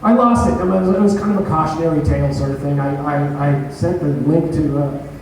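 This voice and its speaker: A man with a fairly high voice tells a rambling, swear-filled story about his own stand-up set, laughing at himself as he goes. He sounds far from the mic, in a very echoey room. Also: a little fast, noisy background. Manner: profane, self-mocking, animated retelling. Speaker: stand-up comedian telling a story. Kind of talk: casual storytelling chat.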